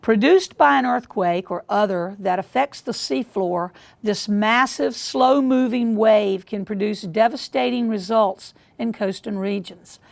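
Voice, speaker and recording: A woman hosting a school quiz show, reading questions in a measured way and repeating them deliberately. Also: medium pitch, creaky.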